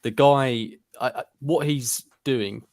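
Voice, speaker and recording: A man's voice: medium pitch, takes it slowly, a little mellow, no room sound, studio quality. A man co-hosting a casual football podcast, opinionated and exasperated. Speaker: podcast co-host.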